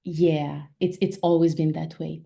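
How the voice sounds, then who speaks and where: A woman in her thirties from Ivory Coast, a native French speaker, telling stories from her life in a relaxed, reflective way as an interview guest. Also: low voice, a little slow, gravelly. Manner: reflective, storytelling. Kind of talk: casual interview conversation.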